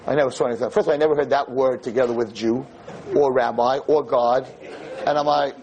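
A male rabbi giving a storytelling lecture, animated and acting out the voices in his tale. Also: mid-range voice, fast talker, dull audio, noisy background.

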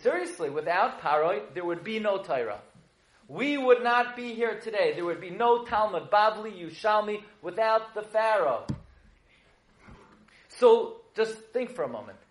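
A rabbi with a high voice tells a lively Torah lesson, mixing jokes and stories and firing questions at his class. He sounds like he is in a roomy, echoing space. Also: a little slow. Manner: joking, storytelling, quizzes the audience. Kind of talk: humorous Torah lecture. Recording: echoey room.

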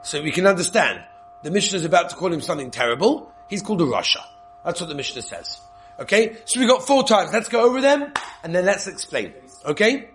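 A man with Yeshivish English, teaching an informal Torah class, lively and repetitive, checking in with "okay?" often. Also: sits high, brisk, a little hiss or hum. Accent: Yeshivish English with Hebrew and Yiddish terms. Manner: lively, repeats points, frequent "okay?" checks.

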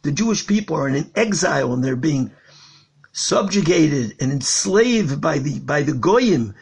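A man with a high, gravelly voice gives an impassioned Torah lecture as a rabbi. His tone is very husky and rough. He stretches out key words for weight and tells a parable to make his point. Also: sing-song, measured pace. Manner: storytelling with a parable.

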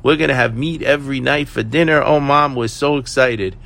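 A man voicing a group of excited, hungry young children who blurt out eager, breathless exclamations. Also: mid-range voice, brisk, gravelly, pitched above the performer's own voice. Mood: thrilled.

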